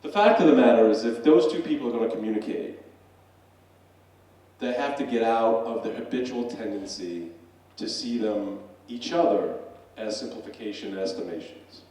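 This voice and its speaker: A man's voice: on the low side, moderate pace, dark tone. A middle-aged man, a professor, gives an earnest, conversational public talk from a stage with frequent fillers. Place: stage in a hall. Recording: echoey hall, voice from a distance.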